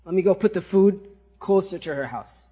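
A reluctant pious hermit, played by a man telling the story brushes off requests in a defensive way. The voice is high-pitched and somewhat husky. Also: lively intonation, moderate pace, mellow. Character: pious male hermit worshipper, reluctant and anxious.

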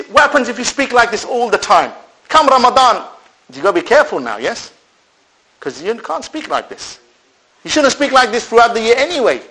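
Poor audio captures a man with a very high voice preaching to a live audience. This Islamic preacher is animated, his volume swinging loud and soft, as he asks rhetorical questions, answers them himself, and works in Arabic religious phrases.

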